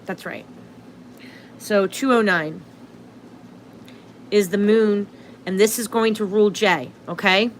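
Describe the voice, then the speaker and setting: A woman's voice: medium pitch, slow pace, long pauses, slight background noise. Chatty woman hosting a phone livestream. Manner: chatty, self-interrupting, laughs at herself. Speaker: astrology livestream host. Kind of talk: casual livestream chat.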